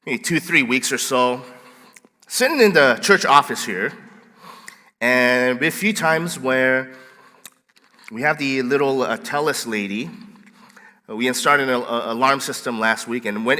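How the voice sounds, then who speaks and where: A male pastor preaching a sermon, telling stories in a playful, animated way and acting out scenes. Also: medium pitch, normal speed, in a large hall. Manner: playful, animated storyteller who acts out scenes. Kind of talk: sermon with storytelling. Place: church sanctuary.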